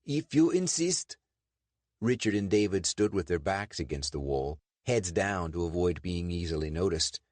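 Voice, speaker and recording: A man narrating a pulp adventure audiobook in lively storytelling. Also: low-pitched, moderate pace, hardly any pauses, no room sound. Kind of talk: scripted narration.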